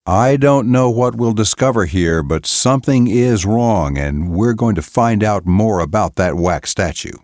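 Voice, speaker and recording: A man's voice: on the low side, lively intonation, unhurried, hardly any pauses, a little mellow, no echo, clean studio sound. A male narrator voicing an authoritative middle-aged police sergeant in an audiobook, speaking firmly and with command. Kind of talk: audiobook character voice.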